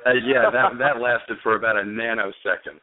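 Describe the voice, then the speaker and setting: A male novelist and screenwriter telling his story in a phone interview, animated but halting, with fillers and restarts. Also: mid-range voice, dry recording. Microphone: telephone. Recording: dry tinny phone line.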